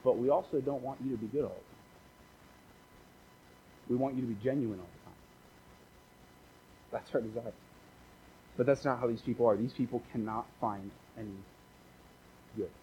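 A man's voice: medium pitch, moderate pace, long pauses, dark tone, dull audio, a little hiss or hum. A man preaching a casual, conversational sermon as a pastor, repeating phrases for emphasis and dropping joking asides.

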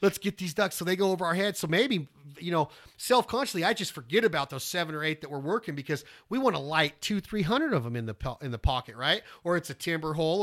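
Folksy bright-voiced man teaching duck calls. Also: fairly high pitch. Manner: rambling, folksy, repeats words, bursts into loud duck calls. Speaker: duck calling instructor. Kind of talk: casual instructional talk.

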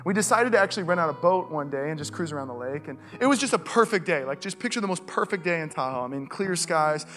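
A male pastor with a Californian accent preaching a sermon, telling a personal story in a casual, animated way that builds to urgent calls. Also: on the high side, fast talker, few pauses, soft background music. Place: church stage.

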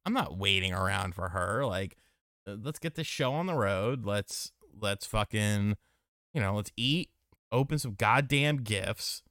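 A man with a bright, forceful voice swears his way through animated, casual stories. His pitch jumps and dips all the time, and the close mic keeps the sound dry and without echo. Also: unhurried. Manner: profane, animated storytelling. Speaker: podcast co-host. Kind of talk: casual chat.

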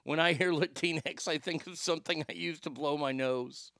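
A man's voice: fairly high pitch, normal speed, creaky, pushed and bright, dry recording, clean studio sound. A man hosting a show, giving a brash, profane, rambling opinion monologue.

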